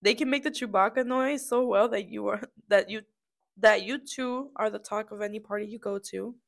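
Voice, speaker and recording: A woman's voice: mid-range voice, normal speed, gravelly. A young woman co-hosting a casual chat, talking and giggling while she eats snacks. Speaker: co-host.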